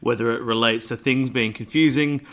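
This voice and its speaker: A man's voice: mid-range voice, steady tone, normal speed, fairly bright tone. A man co-hosting a podcast, riffing in a dry, wordy way in casual chat. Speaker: podcast co-host.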